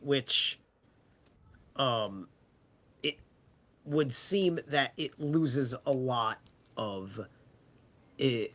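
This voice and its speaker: Man, rambly podcast talker, highish voice, casual swearing. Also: pushed and bright.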